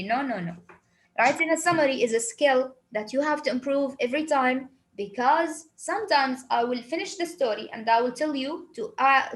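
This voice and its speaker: High-voiced teacher. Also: female voice. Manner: animated, asks and answers her own questions. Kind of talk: classroom lesson.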